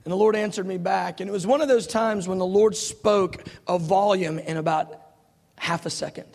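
A male preacher tells a story, laughing and mocking himself as he swings from loud bursts to soft, hushed lines. His voice sits fairly high with a gravelly edge. It echoes through a long hall reverb. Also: normal speed. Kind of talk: storytelling sermon.

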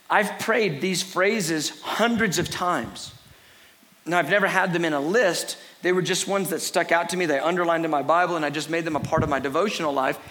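Man, middle-aged, preacher, fairly high voice, earnest sermon delivery, church stage. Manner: animated, acts out a frantic crowd in a high put-on voice. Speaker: pastor. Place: church stage before a congregation.

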